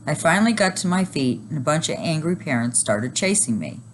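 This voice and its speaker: Lively woman reading a story aloud. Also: sits low, brisk, a little hiss or hum. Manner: animated, expressive. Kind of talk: children's book read-aloud.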